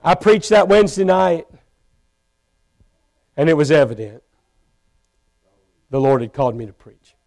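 A man preaching a sermon in a church, telling his own story with feeling and rising to loud pleading. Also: a little high, lively intonation, unhurried, pauses often. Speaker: pastor. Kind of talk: sermon testimony. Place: church sanctuary.

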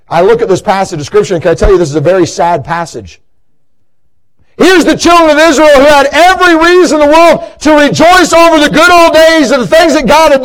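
A man preaching a sermon as pastor, reading scripture slowly and then telling a childhood story. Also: extremely high pitch, low-quality recording. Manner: slow deliberate reading, acting out voices in anecdotes.

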